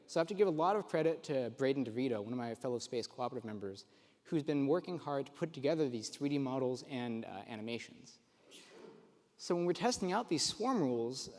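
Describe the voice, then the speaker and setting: A man's voice: mid-range voice, a little mellow. Young man presenting in an echoing hall. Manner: enthusiastic, explanatory, occasional fillers and restarts. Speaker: conference presenter. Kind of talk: technical presentation. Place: large conference room. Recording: long hall reverb.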